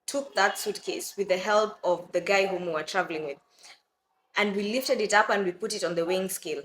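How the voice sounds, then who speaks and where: A woman's voice: medium pitch, slight background noise. Young woman vlogger, chatty storyteller who keeps calling her viewers "guys", mid-range voice, roomy echo. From Kenya. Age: young adult. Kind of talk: storytelling to camera.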